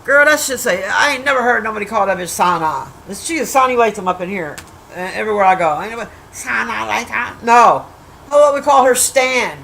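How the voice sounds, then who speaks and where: Foul-mouthed woman streamer ranting to her chat, bright voice, lil bit of faint noise behind. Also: medium pitch, expressive, low-quality recording. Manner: profane, blunt trash-talking, teasing the chat; rambling with restarts and drawn-out asides. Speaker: livestreamer reviewing a movie. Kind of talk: casual livestream chat.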